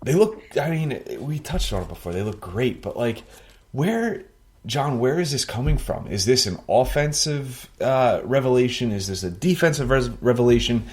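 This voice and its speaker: A man co-hosting a casual sports podcast, talking in an animated, joking way. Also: mid-range voice, normal speed.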